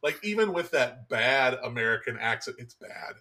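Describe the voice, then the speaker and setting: A man hosting a movie podcast, chatty and quick to laugh. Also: medium pitch, animated, bright, forceful tone, slight background noise. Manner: chatty, laughs often, many fillers. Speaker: podcast host. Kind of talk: casual movie discussion.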